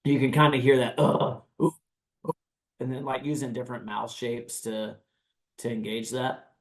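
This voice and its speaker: A man on a podcast breaking down screaming techniques in a casual, animated way, now and then demonstrating growls and screams. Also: mid-range voice, normal speed. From United States. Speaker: guest vocalist. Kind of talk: podcast interview, explaining vocal technique.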